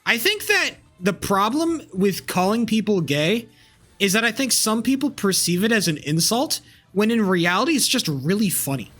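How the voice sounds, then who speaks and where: A man's voice: high-pitched, very animated, normal speed, a bit bright, faint music behind. A young man streaming live, rambling casually with crude language and lots of fillers and restarts.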